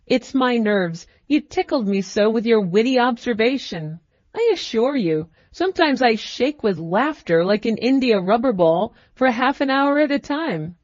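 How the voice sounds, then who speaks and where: A woman's voice: fairly high pitch, expressive, a little slow, darkish tone, no room sound, lo-fi sound. A woman voicing a crafty, fussy middle-aged male magistrate who talks in a cackling, ingratiating way.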